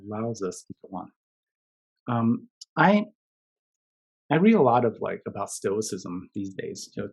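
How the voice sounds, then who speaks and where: A man's voice: mid-range voice, creaky, a little mellow, breathy edge. A man giving a keynote talk in a conversational way, often tagging his points with "right?" and "you know?". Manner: conversational, many fillers and "right?" tags. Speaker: keynote speaker.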